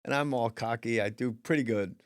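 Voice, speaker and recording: A middle-aged man hosting a podcast, telling stories in a casual, profane, animated way on a close studio mic. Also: mid-range voice, brisk, no echo. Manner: profane, animated storyteller who acts out voices. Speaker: podcast host. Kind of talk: casual storytelling chat.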